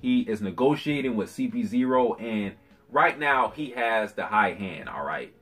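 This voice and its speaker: Husky guy doing an anime chapter review vlog, loose and slangy, lots of cussing. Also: lowish voice, unhurried, soft background music. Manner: animated, slangy and profane.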